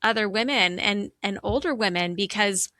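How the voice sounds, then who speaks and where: A woman's voice: medium pitch, moderate pace, bright, forceful tone, no room sound, clean studio sound. A woman in her forties hosting a podcast interview, affirming and heartfelt, speaking in full sentences. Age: 40s. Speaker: podcast host.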